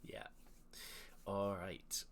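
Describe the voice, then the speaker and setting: Man narrating as dungeon master. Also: drawn-out words. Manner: relaxed, hesitant with fillers and restarts. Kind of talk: narrating a tabletop game.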